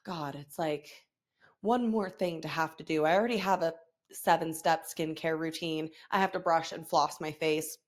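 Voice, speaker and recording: A woman in her thirties hosts a podcast of casual confessional chat, speaking frankly, swearing often, and laughing a lot. Her voice is deep and unhurried.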